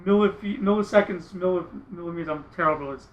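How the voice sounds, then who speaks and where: A middle-aged man, a guest guitarist, telling a story in a casual interview, animated and self-mocking, often laughing. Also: high-pitched, quick pace, roomy sound, dull audio.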